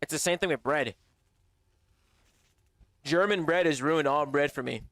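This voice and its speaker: A man chatting casually on a gaming livestream, slangy and profane, his voice slightly strained from yelling. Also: on the high side, normal speed, long pauses, clear, resonant tone, dry recording. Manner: slangy and profane, calls chat bro and baby. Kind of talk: casual live-stream chat.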